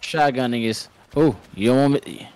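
A man's voice: medium pitch, normal speed, darkish tone, slight background noise. A man playing a shooter game with a friend, joking around in casual banter. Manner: playful, joking. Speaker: gaming friend. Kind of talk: casual gaming chat.

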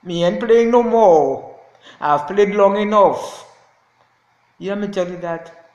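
A woman's voice: medium pitch, slow pace, a little mellow, reverberant, lo-fi sound. A woman speaking as a self-styled prophetess in an impassioned, repetitive rant to camera, laughing in anger. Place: indoors, lying on a floor.

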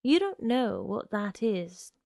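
A menacing young man who coaxes and insists, slow and gravelly, read by a woman. The voice stays dry and close, with no room around it. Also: medium pitch, sing-song, mellow, dry recording, exaggerated voice. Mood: menacing, coaxing. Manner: coaxing, insistent.

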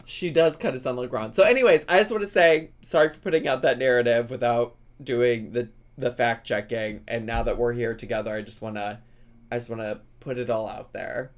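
A man streaming a casual reaction commentary, animated and often incredulous, laughing as he talks. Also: mid-range voice, fairly quick.

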